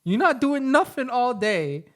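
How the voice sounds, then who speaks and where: A man's voice: very high-pitched, big pitch swings, unhurried. A man co-hosting a podcast who rants bluntly and swears a lot in casual talk. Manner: blunt, exasperated ranting with profanity. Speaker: podcast co-host. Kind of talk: casual chat.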